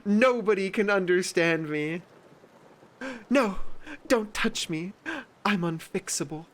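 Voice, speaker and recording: A man's voice: sits high, slow pace, a bit bright, voice pushed up. A man putting on the voice of a melodramatic, self-pitying attention seeker who mopes and pleads. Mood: whiny.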